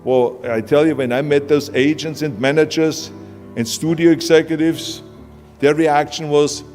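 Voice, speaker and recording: A man's voice: a little high, little pitch movement, normal speed, darkish tone. A man from Austria with an Austrian accent giving a blunt, emphatic motivational speech in a large hall. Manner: emphatic, blunt, plain-spoken. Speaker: motivational speaker. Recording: hall reverb with music underneath.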